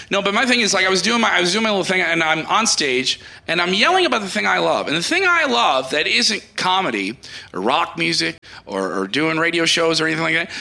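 Loud ranting male stand-up comic. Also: on the high side, vocal fry. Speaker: stand-up comedian. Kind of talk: stand-up set. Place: comedy club stage.

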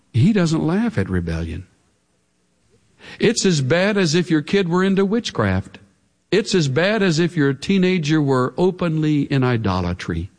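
A male preacher delivers a dramatic sermon at an ordinary pitch. His intonation rises and falls widely, and he sometimes sinks to a hushed tone. His voice carries a long reverb, as in a large hall. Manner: emphatic, dramatic, with sudden drops to hushed tones.

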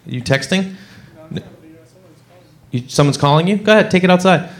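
A man's voice: high-pitched, normal speed. A man doing stand-up on a comedy club stage, telling a story and acting out the other people's voices. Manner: animated, acts out voices.

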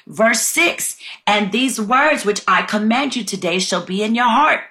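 A woman with a fairly high, pushed, bright voice preaches a fervent sermon at normal speed with few pauses. She reads scripture aloud, exclaims "my God," and addresses her listeners as family.

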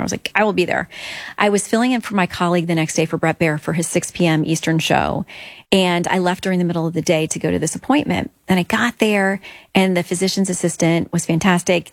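A woman's voice: on the low side, no echo. A woman guest earnestly telling her faith story in an interview, acting out quoted lines.

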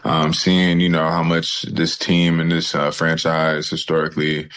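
A young man in his twenties, a football player guest talking casually in an interview, relaxed and full of fillers. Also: a bass voice, unhurried. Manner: relaxed, laid-back, lots of fillers.

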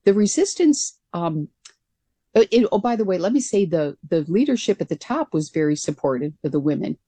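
A woman's voice: lowish voice, very animated, a little fast, warm tone, slightly rough, no room sound. A woman guest being interviewed about her years as a pilot, speaking earnestly and conversationally with frequent restarts. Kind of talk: conversational storytelling.

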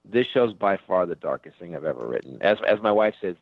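With a low, creaky voice that swings widely in pitch, a comedian talks a little fast and rambles openly in a casual phone interview on the radio, full of "dude" and "man." The recording is dry but the phone line sounds tinny.

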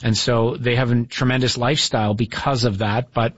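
A man's voice: mid-range voice, fairly even intonation, fairly quick, no room sound. A man hosting a talk radio show, chatting casually with his producer and reading listener texts, with musing, cynical asides. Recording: dry, slightly dull broadcast audio.

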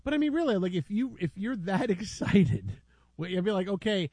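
A middle-aged man hosting a sports radio show, bantering in a casual, animated way with laughing asides. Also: high-pitched, fairly quick, husky, dry recording. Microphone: studio microphone. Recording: dry studio sound.

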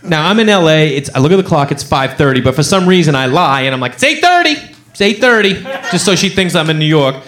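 A man's voice: a little high, quick pace, hardly any pauses, a bit bright. A man performing a stand-up comedy set, telling a story with acted-out voices and crowd work. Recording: live club with crowd laughter.

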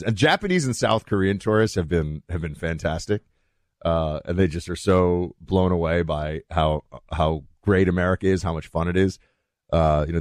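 A man holds forth as a talk show host, his voice sitting on the low side. The sound is dry and close, with no room in it. He rambles casually, circling back with fillers and restarts. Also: a little mellow, no room sound.

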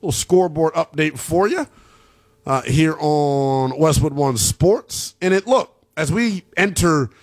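A man hosting a college football radio show, energetic and slangy, with quick hype and asides. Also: fairly high pitch. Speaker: sports radio host.

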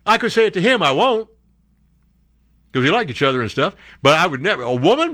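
Animated male news commentator. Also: fast, no room sound, clean studio sound. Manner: animated, sarcastic asides, jumps to high exclamations. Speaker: show host reading and commenting on news. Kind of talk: casual political commentary.

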